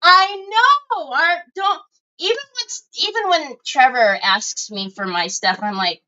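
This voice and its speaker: A high, bright-voiced middle-aged woman, chatting to her livestream viewers as she crafts. She spins stories in a chatty, friendly way, calling them y'all. The stream audio is a little dull and lo-fi. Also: lively intonation, a little slow. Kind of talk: casual chat while crafting.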